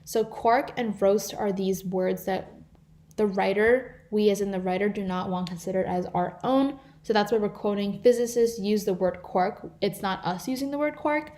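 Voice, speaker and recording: A woman's voice: medium pitch, normal speed, a little mellow. A teenage girl teaching a live online grammar lesson as a volunteer tutor, explaining rules and reading example sentences aloud. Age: teens.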